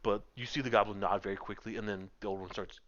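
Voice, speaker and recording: A man's voice: on the low side, steady tone, fast talker, a bit bright. A man narrating a tabletop game as game master, describing scenes at length with frequent ums, over muffled voice-chat audio. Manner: descriptive, many filler ums.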